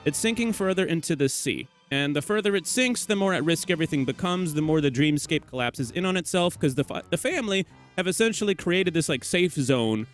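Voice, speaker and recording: A man's voice: on the high side, animated, fairly quick, faint music behind. A young man who hosts a gaming theory channel, talking casually over game footage in a teasing, rambling way and correcting himself as he goes. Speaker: gaming theory video host.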